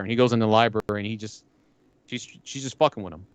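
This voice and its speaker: A man's voice: on the low side, steady tone, racing, dry recording. A man co-hosting a podcast, rambling casually about video games and acting out lines from them with plenty of swearing. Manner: rambling, retells game scenes with quoted lines and swearing. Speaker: podcast co-host. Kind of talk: casual gaming chat.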